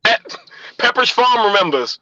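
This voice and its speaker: A man's voice: very high-pitched, sing-song, normal speed, sharp tone, dry recording. A man co-hosting a podcast in heated casual banter, swearing heavily. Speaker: podcast co-host. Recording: dull, lo-fi dry audio.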